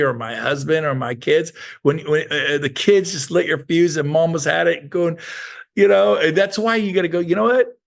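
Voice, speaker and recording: A man with a gravelly, fry-edged voice pitched a touch high, coaching an online group. He talks in an animated way, throwing questions to the chat and acting out the people he quotes. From Sacramento area, US. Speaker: real estate coach. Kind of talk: motivational training talk to online group.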